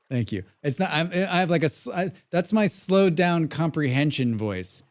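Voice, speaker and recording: A man's voice: fairly high pitch, expressive, a little slow. A man live-streaming a game, chatting casually in a rambling way, reading chat aloud and humming to himself as he plays. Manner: hums tunelessly while playing. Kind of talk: live gaming stream commentary.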